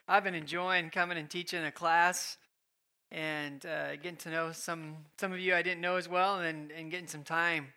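A man's voice: on the high side, pushed and bright, smooth. A man giving a sermon as guest preacher on a church stage, folksy and conversational, with fillers and restarts.

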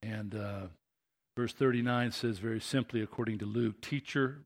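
A man's voice: on the low side, fairly even intonation, normal speed. A man preaching a sermon as pastor, talking conversationally and building to impassioned emphasis.

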